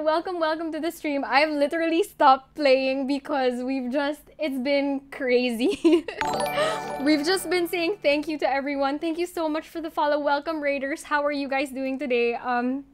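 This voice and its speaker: A woman streaming a game live, excitable and giggly, shaky and overwhelmed as she thanks her chat. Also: high-pitched. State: shaky and overwhelmed, near tears.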